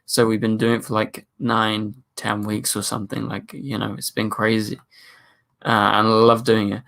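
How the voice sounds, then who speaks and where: A man's voice: on the low side, monotone, normal speed, gravelly, a bit bright. A young man hosting a casual live stream, chatting, joking and reading viewer comments aloud.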